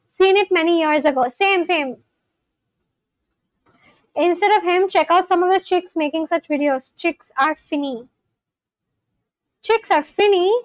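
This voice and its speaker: A woman's voice: extremely high pitch, fairly bright tone, no room sound, low-quality recording. A woman casually rambling on a livestream, reading out viewer comments and answering them. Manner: rambling, reads chat aloud and answers it. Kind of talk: casual live-stream chat.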